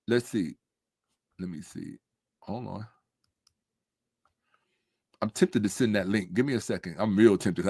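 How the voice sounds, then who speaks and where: Speaking in a fairly low pitch, this man runs a confrontational commentary monologue, sarcastically hammering the same points again and again. He lowers to a mutter as he looks at his screen, and the recording is clean studio sound with no room echo.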